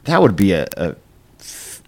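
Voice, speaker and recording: Man, very deep voice, casual chat, wry dry comments. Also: very animated, a little slow, a little mellow.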